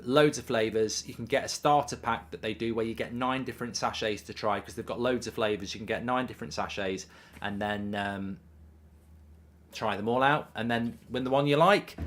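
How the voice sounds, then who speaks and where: A man casually chatting on a live stream, reading out viewer messages with plenty of ums. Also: medium pitch. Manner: chatty, reads chat messages aloud, frequent ums. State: hiccups. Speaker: watchalong streamer.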